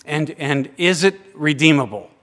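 A man with a fairly high voice preaches a sermon. He drops to hushed, slowed reflection, then lifts into raised, urgent emphasis, stacking repeated phrases into lists. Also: in a large hall. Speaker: pastor.

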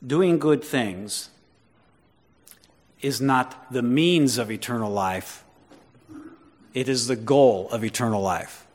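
Long hall reverb surrounds a male pastor who preaches slowly, pausing often, in a medium-pitched voice. He converses with the congregation, poses questions, and works up to emphatic declarations he repeats.

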